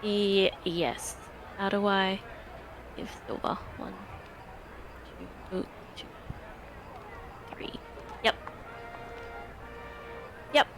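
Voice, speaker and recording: A woman playing a tabletop game, sometimes speaking gently and motherly in character. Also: medium pitch, steady tone, extremely slow, long pauses, over music. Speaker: player. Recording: faint background noise.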